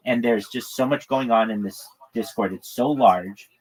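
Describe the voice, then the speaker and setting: A man's voice: mid-range voice, moderate pace, rough recording. A man telling a rambling, profanity-laced story in a casual livestream monologue.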